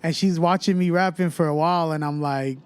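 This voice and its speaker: A young man from Fresno tells a story in a loose podcast chat. His voice sits a little high and comes through smooth and clear. He slips into the voices of the people in the story as he goes. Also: fairly quick, soft background music. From Fresno, California. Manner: animated storyteller who acts out other people's voices. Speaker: rapper guest.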